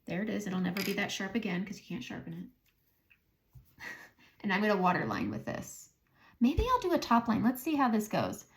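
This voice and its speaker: A woman with a Southern American accent chats her way through a makeup tutorial, narrating each step and muttering to herself as she goes. Her voice sits at a middle pitch with a gravelly, creaky edge. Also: very animated, moderate pace, pauses often. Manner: chatty, thinking aloud, self-talk while applying makeup. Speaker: beauty vlogger. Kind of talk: casual makeup tutorial chat.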